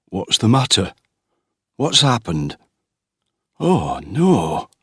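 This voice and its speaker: A man's voice: on the low side, very animated, drawn-out words, breathy edge, no room sound, studio quality, heavily acted. A man voicing a middle-aged farmer father who calls out orders in a raised, commanding voice. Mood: alarmed.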